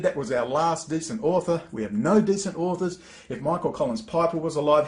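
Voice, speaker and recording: A man giving an angry, exasperated rant as a political commentator, swearing often. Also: on the high side. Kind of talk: ranting monologue. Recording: echoey room.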